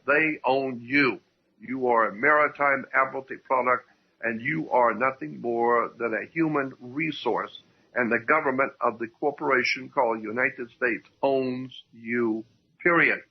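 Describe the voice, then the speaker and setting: A man explaining at length as a radio guest, emphatic, repeating his points and often clearing his throat. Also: mid-range voice, measured pace. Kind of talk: lecturing radio talk. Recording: dull dry radio audio.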